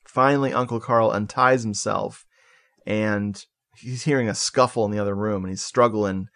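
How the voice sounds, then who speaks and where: A man on a podcast casually recapping a movie plot, animated and joking, with swearing and laughing asides. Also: on the low side, moderate pace. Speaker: podcast co-host.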